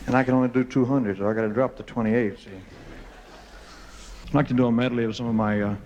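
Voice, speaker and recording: A man's voice: medium pitch, fairly even intonation, fast talker, darkish tone, highs cut off, slight background noise. A man in his thirties from the southern United States with a Southern accent, a singer telling rambling, self-mocking stories on a concert stage with lots of fillers and restarts. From Memphis, southern United States. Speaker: singer performing live on stage. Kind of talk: joking stage banter between songs. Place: concert stage before a live audience.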